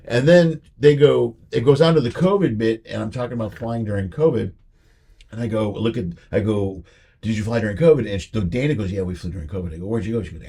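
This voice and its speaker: A man's voice: on the low side, fast, creaky, slightly rough. A man hosting a comedy podcast, chatting casually and acting out the people in his stories. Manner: animated storytelling, acts out quoted voices. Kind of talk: casual chat.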